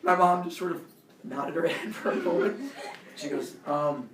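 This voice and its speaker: A man telling a childhood fight story in an animated way, laughing and acting out the voices. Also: fairly high pitch, normal speed, background noise. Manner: animated, laughing, acts out quotes. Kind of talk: personal storytelling talk. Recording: roomy, distant camera audio.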